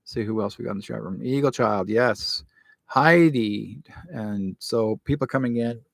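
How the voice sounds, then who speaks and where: A man hosting a live online show, talking casually and at length, slipping into the voices of the people in his story. His voice sits at an ordinary middle pitch, and the recording is close and dry with no room sound. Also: unhurried, creaky, dry recording. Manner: rambling, animated storyteller acting out quoted dialogue.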